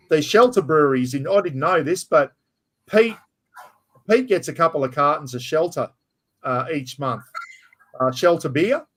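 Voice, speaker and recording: A middle-aged Australian man with a slightly high, somewhat bright voice hosts a casual live-stream chat. He's blunt and chatty, swears freely, and calls people mate.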